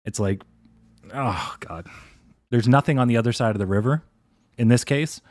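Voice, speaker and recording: A man's voice: mid-range voice, moderate pace, a little mellow, no echo, studio quality. A man hosting a live stock trading stream, rambling casually and thinking aloud. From Canada. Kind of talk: live stream chart commentary.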